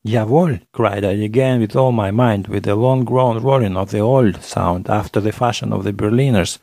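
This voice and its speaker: A man narrating a classic novel in the first person, measured and literary, on a close studio mic. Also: on the low side, vocal fry, darkish tone, no echo. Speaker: audiobook narrator.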